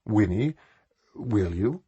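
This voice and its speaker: A cheerful, undaunted aristocrat, earnest and teasing, a little higher than the reader's own voice, as a male narrator plays him. His delivery is lively and husky. The recording is dull and dry. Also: unhurried, no room sound, full character voice. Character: playful aristocratic man, cheerfully undaunted suitor.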